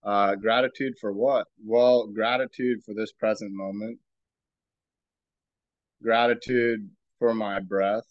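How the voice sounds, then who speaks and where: A man hosting a podcast, giving a reflective spiritual talk in a slow, musing way and asking himself rhetorical questions. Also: on the low side, steady tone, dry recording, muffled recording. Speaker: podcast host.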